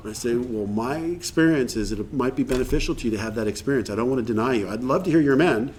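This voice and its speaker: A man's voice: medium pitch, fast talker, hardly any pauses, darkish tone, a little hiss or hum. Earnest man leading a recovery workshop. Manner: earnest, acts out dialogue. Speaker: workshop speaker. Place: meeting room with audience.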